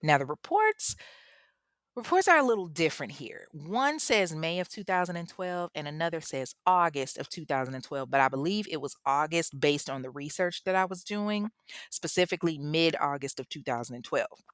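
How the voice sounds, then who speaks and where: A woman's voice: low-pitched, expressive, normal speed, a bit bright, no echo, studio quality. A woman telling a true-crime story casually, swearing freely and speaking straight to her audience. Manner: casual, profane, addresses audience directly.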